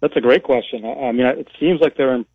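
A man from Minnesota, a guest on a sports radio show, giving relaxed answers full of fillers. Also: medium pitch, quick pace, slightly rough, no echo. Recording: tinny phone line.

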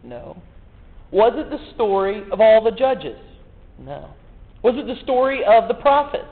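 A man's voice: high voice, big pitch swings, a little slow. A man preaching a sermon in a folksy, joking way, full of rhetorical questions. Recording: echoey hall, tinny phone-like sound.

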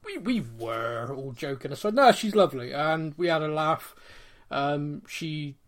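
A man's voice: on the high side, expressive, unhurried, fairly bright tone. A man hosting a podcast in casual chat, teasing his co-host and laughing often.

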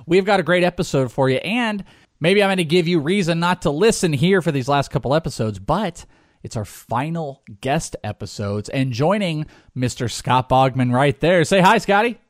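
Lively, joking podcast host man. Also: fairly high pitch, no room sound, studio quality. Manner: joking, rambling, quick laughs. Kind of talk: casual chat.

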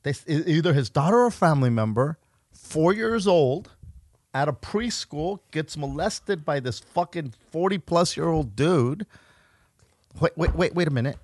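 High-voiced ranting comedy host. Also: male voice, normal speed, dry recording, studio quality. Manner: animated, profane ranting. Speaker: podcast host. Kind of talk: casual comedy podcast chat.

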